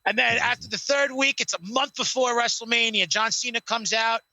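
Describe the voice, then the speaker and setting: A man's voice: very high voice, steady tone, moderate pace, sharp tone, no room sound, rough recording. A man co-hosting a casual podcast at home, swearing freely while acting out wrestling scenarios. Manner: rambling, swears a lot, acts out scenes. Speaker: podcast co-host. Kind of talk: casual chat.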